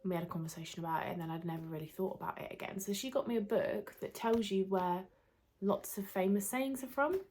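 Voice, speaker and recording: A young woman with a British accent chatting casually on her vlog, rambling and laughing at herself, a little hoarse as she loses her voice. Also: mid-range voice, fast talker, a little mellow, slight background noise. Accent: British English. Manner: chatty, rambling, self-deprecating, light laughter. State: slightly losing her voice. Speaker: YouTuber. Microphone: camera mic under a ring light.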